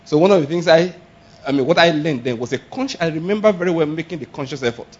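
Male preacher, high husky voice, animated sermon delivery, lo-fi sound. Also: fast talker. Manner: animated, laughing, shouting exclamations, rhetorical questions. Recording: dull lo-fi sound.

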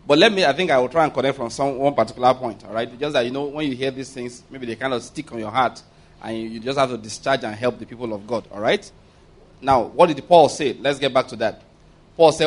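A man's voice: mid-range voice, fast. A man preaching a sermon, emphatic and calling out for amens from the congregation. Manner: emphatic, asks the congregation for amens, laughs mid-point.

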